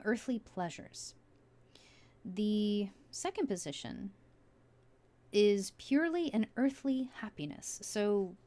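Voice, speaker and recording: A woman's voice: medium pitch, warm tone. A woman giving a casual tarot reading, musing aloud with many fillers as she turns the cards. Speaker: tarot reader.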